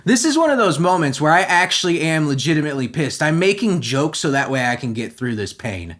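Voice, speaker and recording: A man hosting a comedy podcast, ranting in a profane, agitated way and swinging between shouting and muttering. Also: a little high, sing-song, a little fast. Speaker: podcast host.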